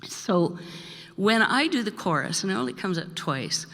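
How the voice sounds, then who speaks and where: A woman's voice: mid-range voice, sing-song, normal speed, a bit bright. An older woman from Manitoba, Canada, introducing her song to a live audience in a rambling storytelling way, laughing often. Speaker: singer-songwriter introducing a song. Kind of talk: chatty onstage song introduction. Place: live performance in a church hall. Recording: reverberant hall with faint music.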